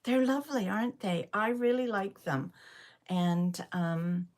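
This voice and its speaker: A woman's voice: medium pitch, a little slow, darkish tone. A woman hosting a casual livestream from home, chatting in a rambling way with many ums while showing her knitting. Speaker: livestream host. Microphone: phone.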